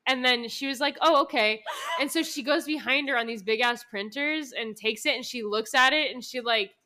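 Bright-voiced young woman telling stories. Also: on the high side, normal speed. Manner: rambling storytelling, swears, laughs often. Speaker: podcast co-host. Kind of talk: casual chat with her sister.

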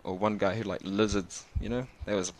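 A man, rambling in a slangy, casual monologue that turns animated as he tells stories. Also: on the low side, fairly quick. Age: 20s.

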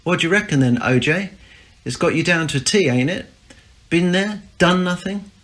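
A man's voice: sits high, lively intonation, moderate pace, fairly bright tone, pitched above the performer's own voice. A man voicing a teasing, boastful middle-aged father who mocks his son. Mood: mocking. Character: mocking middle-aged working-class dad, teasing critic.

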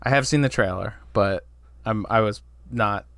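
A man co-hosting a podcast in casual chat, halting and restarting his sentences often. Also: on the low side, a bit bright, no room sound. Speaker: podcast co-host.

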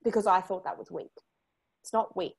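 A woman's voice: mid-range voice, brisk, slightly rough. A woman hosting a podcast, talking earnestly and emphatically, repeating points for stress. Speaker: podcast host. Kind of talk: casual chat.

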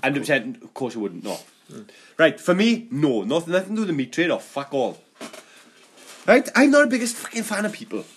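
A man's voice: fairly high pitch, big pitch swings, fairly quick, a little hiss or hum. A man hosting a podcast, swearing a lot and laughing through crude banter. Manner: swears often, laughs through his lines. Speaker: podcast host.

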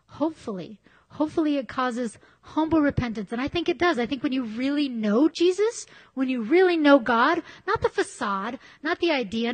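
A woman preaching a sermon in a conversational, candid way, telling personal stories. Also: a little high. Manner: conversational, candid, animated storytelling.

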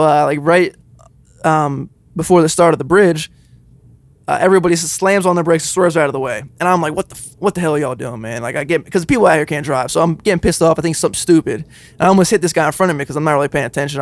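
A man co-hosting a podcast, telling a story in casual chat, animated and swearing freely as he laughs along. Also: a little high, quick pace, no echo. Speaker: podcast co-host.

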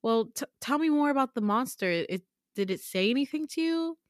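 A woman's voice: high voice, animated, fairly quick, no echo, clean studio sound, voice pushed up. A woman quoting an earnest young male student friend who presses her with questions, in her own voice.

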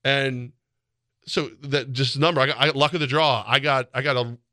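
A man co-hosting a sports radio show in casual banter, telling stories animatedly and jumping into high voices to quote people. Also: normal speed, no room sound, studio quality. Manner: animated storyteller, jumps into high voices when quoting people.

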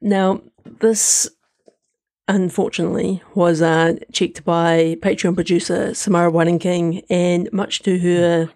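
A man's voice: high voice, level tone, measured pace, vocal fry, darkish tone. A man co-hosting a casual podcast about shows, easygoing and hedging, with lots of "like" and "kind of". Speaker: podcast co-host. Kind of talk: casual entertainment review chat.

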